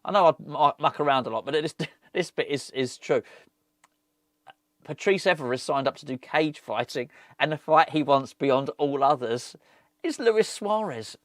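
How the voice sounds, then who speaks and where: A man's voice: a little high, animated, normal speed, no echo, clean studio sound. A middle-aged man, hosting a fan channel and chatting casually on his own with rambling, jokey asides. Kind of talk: casual solo football chat.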